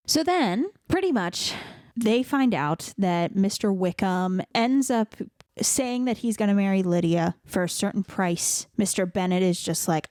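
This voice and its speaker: A woman's voice: on the low side, expressive, unhurried, darkish tone, dry recording, studio quality. Breezy young woman retelling a story. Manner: breezy, playful, lots of "like", mimics characters in passing. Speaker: podcast host. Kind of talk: casual comic book retelling.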